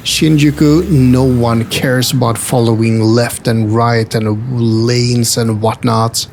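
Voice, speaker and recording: Strolling through an indoor retro game store spread over several floors, this host from Sweden, a native Swedish speaker, narrates a casual walking tour on a handheld camera. He speaks slowly and easily in a gravelly, mid-range voice, tossing in dry remarks and light humor. There's a faint hiss or hum on the recording.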